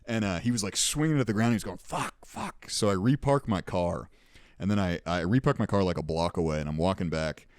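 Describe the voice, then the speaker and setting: A man's voice: low-pitched, fast, darkish tone, clear, resonant tone, no room sound, studio quality. A young man hosting a podcast, telling rambling, profane anecdotes in casual chat. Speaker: podcast host.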